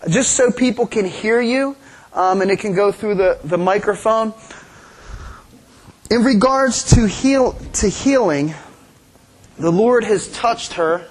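A man's voice: high voice, slow pace, pauses often. A man leading a church service as pastor, speaking hesitantly and coaxingly with many fillers. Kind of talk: sermon.

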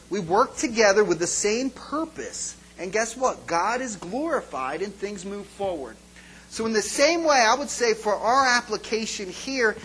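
Man, pastor, informal sermon, animated storyteller, bright voice. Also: high voice, slight background noise, poor audio. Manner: animated storytelling, acts out scenes.

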